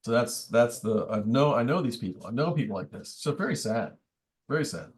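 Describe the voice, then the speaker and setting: A man's voice: mid-range voice, expressive, fairly quick. A man, a priest, teaching a book study group in a conversational, thoughtful way with wry asides. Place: church meeting room.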